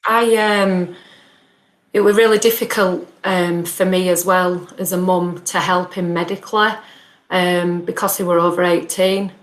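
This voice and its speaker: A woman telling her story as a guest on a podcast, in an earnest, halting way. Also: fairly low pitch, flat delivery, echoey room, low-quality recording. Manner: earnest, halting, acts out remembered dialogue. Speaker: guest, bereaved mother. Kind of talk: personal storytelling in a podcast interview.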